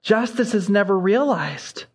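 Guy preaching a sermon, fairly high voice, gets fired up reading scripture. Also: expressive, a little slow, breathy edge. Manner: impassioned, rising when reading scripture aloud.

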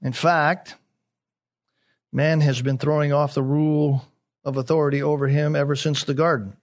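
High-voiced man preaching emphatically. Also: little pitch movement, normal speed. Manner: emphatic, repeating key phrases, rhetorical questions. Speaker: pastor. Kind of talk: sermon.

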